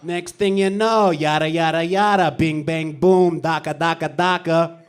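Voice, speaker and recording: A man plays a cocky small-time crook who brags in a swaggering gangster patter. The voice sits high and rides on a handheld mic on a comedy club stage. It is a stand-up bit, loud and showy. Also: steady tone, a little slow, smooth, close to an everyday voice. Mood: boastful. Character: cocky male small-time criminal braggart. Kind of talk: stand-up comedy battle set.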